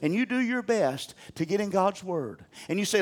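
An older man, preaching a sermon as pastor in a folksy, animated way with humor. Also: high voice, normal speed.

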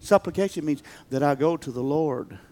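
A male pastor preaching a sermon, emphatic, swinging from loud bursts to quiet talk. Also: fairly high pitch, moderate pace.

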